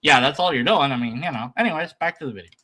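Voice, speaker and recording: Man, sarcastic reaction commentary, rambling asides, bright piercing tone. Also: on the high side, very fast. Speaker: commentary video creator.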